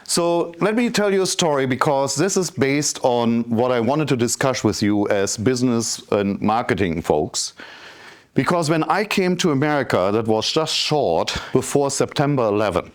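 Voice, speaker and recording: A man's voice: mid-range voice, normal speed. A man in his fifties from Germany with a German accent, giving a motivational talk as a business coach and telling his story straight to the audience. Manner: animated storytelling, addresses the audience directly.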